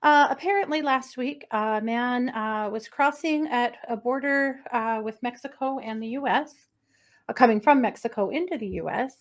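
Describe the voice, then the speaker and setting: This woman speaks at a fairly high pitch and a normal pace, co-hosting a laid-back true crime podcast. She shares strange news playfully, giggling and dropping plenty of little fillers like uh and mm-hmm.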